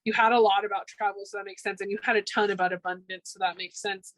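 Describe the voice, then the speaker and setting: A woman's voice: mid-range voice, level tone, quick pace, dry recording, poor audio. A woman giving a casual pick-a-card tarot reading, upbeat and chatty, with frequent ums. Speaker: tarot reader.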